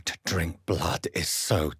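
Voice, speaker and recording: An actor playing a grave young male vampire doctor in a game, speaking in a measured, calm and probing way. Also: sits low, husky, no room sound, clean studio sound, exaggerated voice. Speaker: video game character. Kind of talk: game voice lines.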